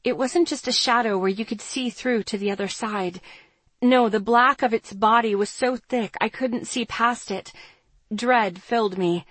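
A woman's voice: on the high side, measured pace, fairly bright tone, husky, no room sound. A woman reading a first-person story aloud in a tense, dramatic way. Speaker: narrator. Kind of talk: first-person audiobook narration.

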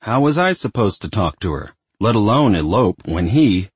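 A man's voice: on the low side, sing-song, normal speed, breathy edge, no room sound, full character voice. A man voicing a defiant, sarcastic young man who is the devil's son. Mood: indignant.

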